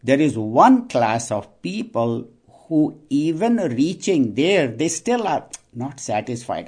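A man's voice: medium pitch, sing-song, slow, darkish tone, husky. A man, giving a scripture talk with jokes, chuckling and restarting as he tells stories. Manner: storytelling, chuckling, many restarts. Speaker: spiritual teacher.

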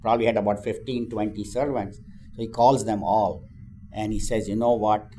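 A man's voice: lowish voice, fairly even intonation, moderate pace, warm tone, slight background noise. A man telling a spiritual parable in a conversational way with frequent asides. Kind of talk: storytelling a parable.

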